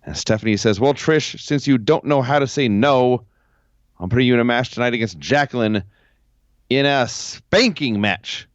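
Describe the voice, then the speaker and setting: A podcast co-host with a mid-range voice recaps old shows in a dry play-by-play style, speaking at normal speed during a casual chat over a remote call from home. The sound is lo-fi with no room sound.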